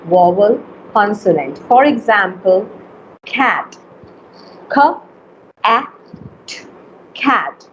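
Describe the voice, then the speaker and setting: A woman teacher giving an online phonics lesson, slowly stretching and sounding out letters and words. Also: mid-range voice, a little mellow, a little hiss or hum, poor audio.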